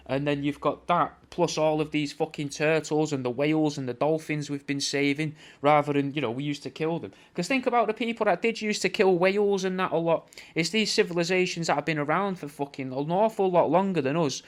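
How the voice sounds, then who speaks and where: A man hosting a podcast, rambling through a sweary, mock-conspiratorial comedic rant and calling the listener mate. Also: on the high side. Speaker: podcast host.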